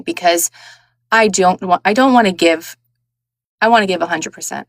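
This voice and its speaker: A woman's voice: lowish voice, animated, normal speed, fairly bright tone, dry recording. New york lady guest, casual rambly chat, lots of likes and ums, dry close sound. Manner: chatty, frank, heavy with "like" and "um". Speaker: guest audiobook narrator.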